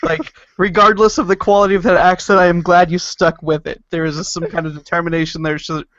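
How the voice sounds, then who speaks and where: A man's voice: high voice, flat delivery, a little fast, a bit bright, muffled recording. A man hosting a podcast in casual chat, teasing and easygoing with his co-host.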